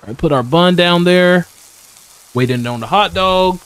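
Playing a horror game for his YouTube channel, a young man keeps up a casual, slangy let's-play commentary, laughing often and talking back to the characters. He has a high, clear, resonant voice, a bit bright, at normal speed.

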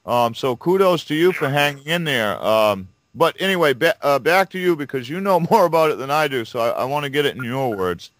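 A man hosting an interview, sympathetic and halting, with many fillers. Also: fairly high pitch, lively intonation, fairly bright tone, no echo. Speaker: host.

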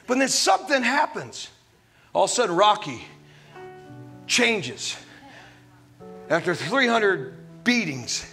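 A man preaching a sermon as a pastor, animated and full of humorous asides. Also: high voice, slow pace, pauses often, faint music behind.

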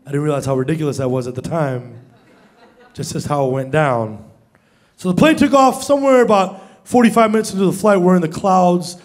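A young man performing an animated stand-up comedy routine on stage, acting out voices as he tells a story. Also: on the high side, a little fast. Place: stage before a live audience.

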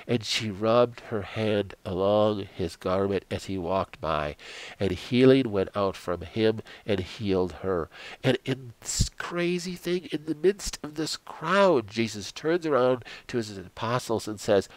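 An older man giving an earnest devotional sermon, telling stories dramatically and sinking into quiet prayer. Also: mid-range voice, normal speed, no room sound. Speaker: Christian health coach.

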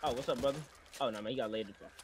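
A man in casual gaming chat who teases his teammates with playful, excited exclamations. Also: medium pitch, rapid-fire, noisy background. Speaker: gamer on voice chat.

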